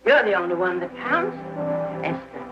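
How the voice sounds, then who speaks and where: A woman's voice: fairly low pitch, sing-song, moderate pace. An actress playing a determined elderly pioneer grandmother who lectures her granddaughter firmly, in a 1930s film. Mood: stern. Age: older. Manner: firm, lecturing and forceful. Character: stern old pioneer grandmother, fiercely determined. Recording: muffled 1930s film soundtrack with music.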